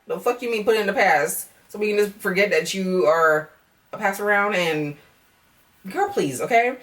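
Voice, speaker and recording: A woman's voice: medium pitch, animated, normal speed, a bit bright, recorded from a distance. A young woman recapping a reality dating show in a casual vlog, blunt and sassy, swearing freely and ending her points with "okay?" and "girl".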